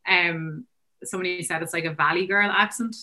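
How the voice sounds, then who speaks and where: An Irish woman talks fast and loosely, her speech dotted with fillers. Her voice sits a little low but sounds bright and forward. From Ireland. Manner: quick chatty talk full of fillers. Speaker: guest. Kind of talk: casual conversation.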